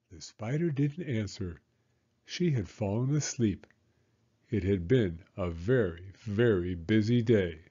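A man in his fifties reads a picture book aloud to young children, unhurried and gentle. His pitch rises and falls in a lively, expressive way. The recording sounds a little dull and lo-fi. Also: breathy edge. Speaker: elementary school teacher reading to children. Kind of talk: children's storybook read-aloud.

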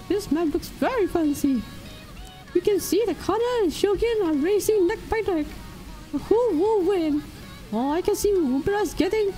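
A woman streaming a game through a pitch-shifting voice changer that makes her sound like a squeaky cartoon mouse, gasping and exclaiming. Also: warm tone, poor audio. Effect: high pitch-shifting voice changer. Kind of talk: live-stream game commentary.

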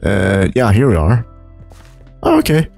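Young male gaming host, husky low voice with wild pitch swings, chatty and rambling, faint music underneath. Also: big pitch swings, measured pace, darkish tone. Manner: rambling, chuckling, jumps between low mumbles and high exclaims. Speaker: gaming YouTuber. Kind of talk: Minecraft let's play commentary.

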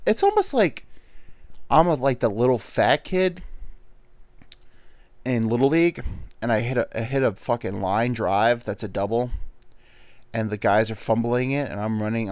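A man's voice: medium pitch, expressive, a little slow, pauses often, darkish tone, dry recording. A man hosting a podcast, talking in a rambling, self-deprecating comic monologue. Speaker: podcast host. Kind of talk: casual comedic monologue.

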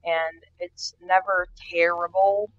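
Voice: mid-range voice, flat delivery, takes it slowly, fairly bright tone, soft background music. A gaming host with a stuffy nose, chatting casually through gameplay and getting startled now and then. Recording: dull lo-fi sound.

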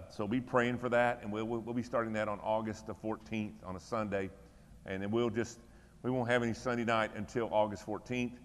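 A middle-aged male pastor gives church announcements and prayer requests in a folksy, easygoing way. His voice sits low and sounds relaxed. A long reverb from the church room trails after his words. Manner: folksy, conversational, encouraging.

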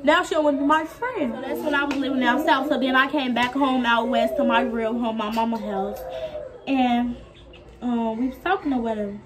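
High-voiced young woman telling a story. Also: fairly even intonation, moderate pace, noisy background. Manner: rambling, repeats herself, quotes people in voices. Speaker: vlogger. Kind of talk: casual storytelling chat.

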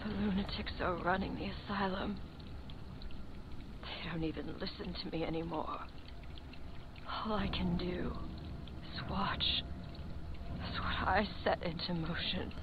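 A woman voicing a haunted, regretful elderly woman in a video game, speaking in a hushed, whispery way. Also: lowish voice, steady tone, slow pace, pauses often. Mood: weary. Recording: muffled game audio with noise.

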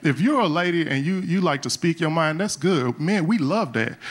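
A man's voice: a little high, animated. A middle-aged man doing a live stand-up routine on a club stage, talking in a loose, conversational way and often tagging lines with "man.". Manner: conversational, drawn-out "man" tag, acts out quotes. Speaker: stand-up comedian. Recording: live club recording with crowd and noise. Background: audience laughter.

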